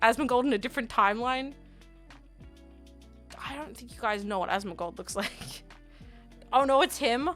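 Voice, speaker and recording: A young adult woman streaming and chatting casually with her viewers, rambling and giggly, sometimes breaking into loud playful yelling. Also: on the high side, normal speed, pauses often. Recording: faint music behind.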